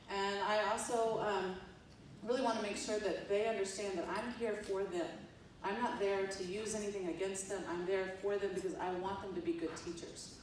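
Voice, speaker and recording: Recorded from afar by a room mic in a big echoey hall, a female professor gives a keynote in a chatty style, performing the quotes in her stories with animation. Her voice sits mid-range, and there's a little hiss or hum.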